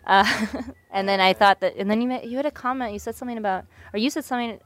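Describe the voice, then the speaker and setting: A woman's voice: medium pitch, fast, no room sound. A woman in a casual podcast chat as a player, teasing and rambling with self-interruptions.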